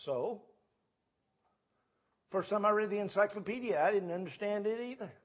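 A man's voice: sits high, animated, normal speed, lo-fi sound. A man preaching a sermon in a church, telling a Bible story in a folksy way. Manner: storytelling, folksy, with quoted voices. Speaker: pastor. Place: church sanctuary.

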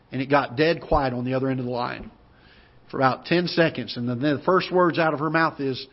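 A man in his fifties with a Midwestern American accent, preaching a sermon and telling a personal story in an earnest way, with pauses and restarts. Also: medium pitch. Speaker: pastor. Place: church auditorium. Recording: muffled church broadcast audio.

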